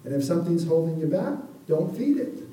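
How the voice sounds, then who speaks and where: A man's voice: fairly high pitch, very animated, brisk, mellow. A man preaching a sermon in a conversational way, often asking the congregation for an amen. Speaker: pastor. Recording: echoey room, voice from far off the mic.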